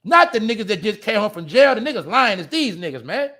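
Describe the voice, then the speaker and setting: A man hosting a show, ranting bluntly and profanely at his viewers, swinging between loud outbursts and low mutters. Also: very animated, fast talker. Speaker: podcast host. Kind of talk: casual profane commentary.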